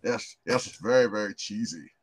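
A man co-hosting a podcast in casual chat, animated and swearing freely, often repeating words. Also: on the low side, moderate pace, crowd noise. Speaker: podcast co-host.

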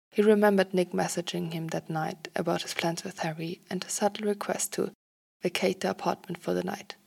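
A woman reading a story aloud in a soft, partly whispered way. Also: lowish voice, vocal fry, slightly rough. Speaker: fan fiction reader.

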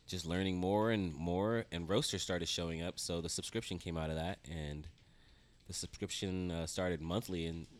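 A man's voice: sits low, fairly even intonation, moderate pace. A man chatting casually as a guest on a podcast, hesitant and full of fillers while he plays a game. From America. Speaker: guest, coffee business owner.

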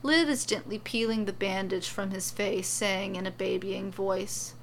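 A woman reads a serialized story with steady, even narration. Her voice has a gravelly texture. A faint background hiss runs under the recording. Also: mid-range voice, unhurried, few pauses.

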